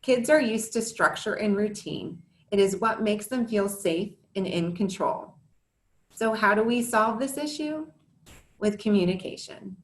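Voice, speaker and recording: A fairly high-pitched woman in her thirties speaks to parents in a roomy space. Drawing on her past as a teacher and her life as a parent, she reads an earnest, scripted talk and adds candid asides.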